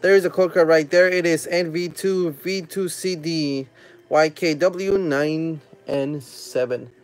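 Excited man hosting a card-opening stream. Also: on the high side, measured pace. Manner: excited, hums "dun dun" while opening packs; chats with viewers and reads their comments aloud. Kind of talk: casual live-stream commentary.

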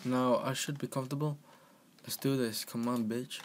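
A man giving casual, excitable let's-play commentary from his computer, talking to the game and yelping at crashes. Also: mid-range voice, moderate pace, very noisy. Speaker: gaming channel host. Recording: home mic with clear keyboard clicking.

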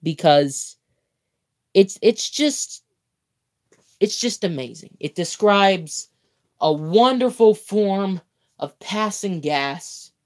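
Reading a comic aloud for his livestream, a high-voiced young man takes his time, hamming it up with playful, theatrical delivery and mock-grand exclamations. He drags out words, trips and fixes his mistakes, and breaks off for chatty tangents before getting back to the text.

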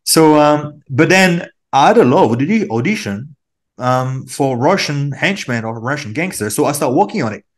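A man's voice: a little high, moderate pace. Man with a French accent. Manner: lively anecdotal storytelling. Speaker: actor, podcast guest. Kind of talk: casual interview chat.

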